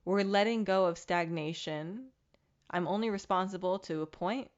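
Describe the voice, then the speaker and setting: A woman's voice: lowish voice, normal speed, muffled recording. A woman hosting her own podcast, talking candidly and reflectively in a casual motivational monologue with the odd curse. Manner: candid, reflective, mildly profane self-help talk. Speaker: podcast host.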